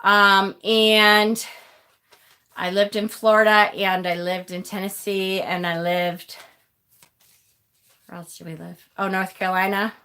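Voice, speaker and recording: A woman's voice: mid-range voice, level tone, slow, long pauses, bright, forceful tone, smooth. A woman from Rochester, New York, giving casual live tarot readings, chatty and affectionate as she answers viewers' comments. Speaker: tarot reader and channel host.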